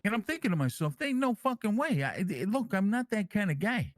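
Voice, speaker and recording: Male player as a swaggering, foul-mouthed mob king; rambling, animated talker, slightly high voice, dry sound. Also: brisk, no echo. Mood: boastful. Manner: rambling storyteller, swears constantly, lively and animated. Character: brash crime-family man calling himself king, crude. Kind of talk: online role-play in character.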